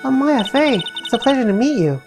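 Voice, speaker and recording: A woman on a stream voicing a shy, gentle young nun from a game, soft and hesitant. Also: high voice, very animated, a little fast, pitched above the performer's own voice. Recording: game music playing clearly behind.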